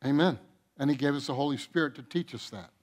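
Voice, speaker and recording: A male pastor with a mid-range voice preaches fast and passionately in church. He builds to loud, emphatic runs and repeats phrases.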